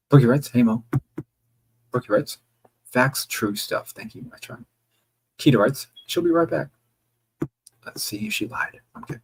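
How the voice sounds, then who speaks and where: A male streamer reads his viewers' chat messages out loud and answers them offhand, joking and cursing now and then. His pitch swings widely through the lines, and his voice has a rough, gravelly husk. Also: lively intonation, moderate pace, long pauses, low-quality recording. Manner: casual, joking, with occasional swearing. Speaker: livestreamer. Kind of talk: reading viewer chat aloud on a livestream.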